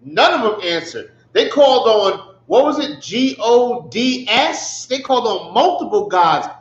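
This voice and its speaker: A man with a high voice leads a Bible study, teasing the verses with sarcastic mockery and frequent rhetorical questions. The sound is echoey and dull, like a lo-fi recording in a bare room. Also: very animated, a little slow. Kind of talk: street-style Bible teaching.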